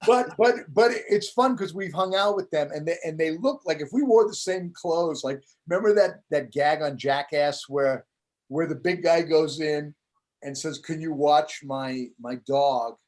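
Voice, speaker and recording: Animated storytelling comedian, slightly high voice. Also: male voice, a little slow. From United States. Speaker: guest comedian. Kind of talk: storytelling in casual interview.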